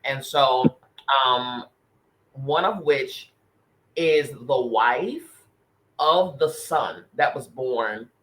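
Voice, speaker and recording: A man's voice: medium pitch, drawn-out words, long pauses, a bit bright, a little hiss or hum, low-quality recording. A man co-hosting a podcast, earnestly telling a personal spiritual story in casual chat, often restarting and repeating phrases. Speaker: podcast co-host.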